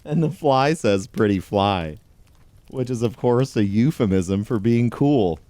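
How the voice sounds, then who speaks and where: A man reading a pun book aloud in a dry, deadpan comedic tone, chuckling along. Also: medium pitch, a little slow, dry recording. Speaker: comedy host.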